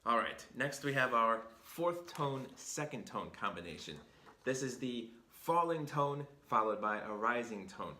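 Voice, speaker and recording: Brief: male language teacher, bright tone, patient explainer, echoey room. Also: medium pitch, lively intonation, measured pace. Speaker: Chinese teacher and host. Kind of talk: video lesson explanation. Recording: roomy echo.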